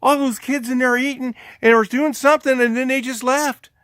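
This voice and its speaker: A man voicing a sheepish, hungry painter playing innocent, in a whiny, pleading squeak. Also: fairly even intonation, moderate pace, fairly bright tone, no echo, studio quality. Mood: feigned innocence.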